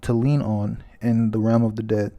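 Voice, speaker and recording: A man reading the lines of a gentle female healer from a comic in close to his own voice. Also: lowish voice, little pitch movement, normal speed, highs cut off, lightly acted.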